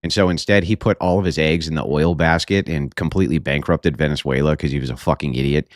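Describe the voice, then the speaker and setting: A man's voice: rumbling low, no echo, studio quality. A man giving blunt, profane, mocking commentary while reacting to news clips.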